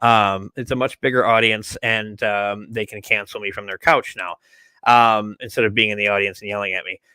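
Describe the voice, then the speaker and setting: A man's voice: fairly low pitch, fairly even intonation, normal speed, sharp tone, clear, resonant tone, dry recording. A man hosting a podcast, chatting casually with blunt, crude jokes. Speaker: podcast host.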